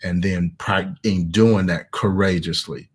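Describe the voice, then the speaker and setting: A man's voice: low-pitched, fairly even intonation, measured pace, husky. A man with a Southern American accent, a pastor preaching conversationally over a video call and hammering key words through repetition. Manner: emphatic, repeats key words. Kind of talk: conversational online sermon.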